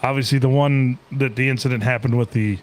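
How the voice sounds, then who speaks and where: A man's voice: medium pitch, steady tone, fairly quick. A male podcast host in casual, jokey chat who laughs often.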